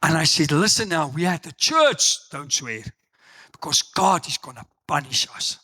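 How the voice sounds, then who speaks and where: A middle-aged South African man preaching a sermon, telling personal stories and acting out the dialogue with loud exclamations. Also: on the high side, a little slow. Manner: animated storytelling, acts out dialogue, exclaims loudly. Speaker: pastor.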